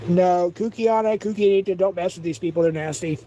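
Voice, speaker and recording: A man's voice: high voice, brisk, background noise. A man hosting a livestream, chatting casually, rambling, reading chat aloud and laughing often. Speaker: livestream host.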